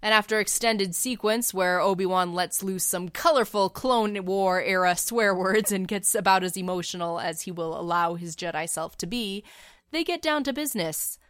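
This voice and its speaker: A woman's voice: mid-range voice, moderate pace, a bit bright, dry recording, studio quality. A woman casually narrating a fan story in a chatty, wry way, with the odd filler.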